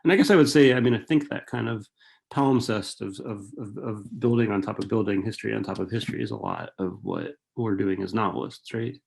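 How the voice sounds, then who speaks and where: A middle-aged man giving an author talk at a library, speaking quickly and digressively with many restarts and fillers. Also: lowish voice, big pitch swings, creaky, darkish tone. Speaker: author and writing professor.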